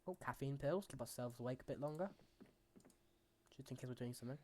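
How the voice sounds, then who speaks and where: A man's voice: mid-range voice, fast, background noise. A man hosting a gaming channel, talking to himself as he plays in loose, rambling commentary full of fillers and restarts. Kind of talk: casual gameplay commentary.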